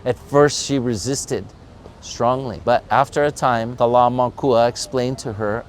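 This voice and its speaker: A man telling a talk story about surf history, his mid-pitched voice rising and falling with dramatic energy. His delivery is lively and theatrical, and a faint hiss sits behind him. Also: measured pace.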